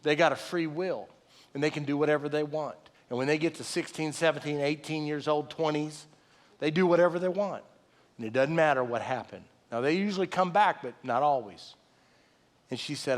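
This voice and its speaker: A middle-aged man preaching a sermon with conversational storytelling, swinging from loud excited retelling to soft low tones. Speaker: pastor. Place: church sanctuary. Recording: long reverb of a large hall.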